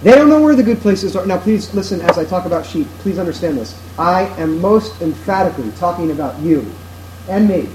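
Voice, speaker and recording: A man with a notably high voice preaches a sermon, earnest and emphatic, building each point through repetition. A faint hiss of noise sits under the recording. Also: expressive, a little fast, darkish tone, poor audio. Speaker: pastor.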